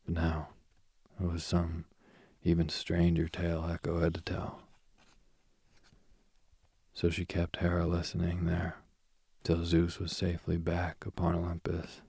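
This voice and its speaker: A man reading an old myth aloud, soft and husky, often dropping to a whisper. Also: deep voice, monotone, measured pace, pauses often, no room sound. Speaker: storyteller.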